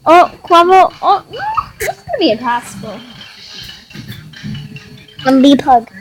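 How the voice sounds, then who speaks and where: Slow, high-voiced excited young woman. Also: music in the background, poor audio. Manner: excitable, giggly, slow and drawn-out. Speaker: game player. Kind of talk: casual gameplay commentary.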